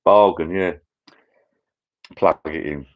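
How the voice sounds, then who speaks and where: A middle-aged man hosting a casual live chat with viewers from his backyard pub shed, rambling and getting easily excited. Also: deep voice, takes it slowly. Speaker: channel host. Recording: dull lo-fi sound.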